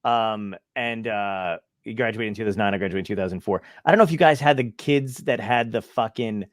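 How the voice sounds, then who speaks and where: A man's voice: on the low side, fairly quick, no echo, studio quality. A man in his thirties hosting a casual talk show, chatting and laughing with a guest. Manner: laughing, swearing, animated banter. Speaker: podcast host. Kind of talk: casual chat.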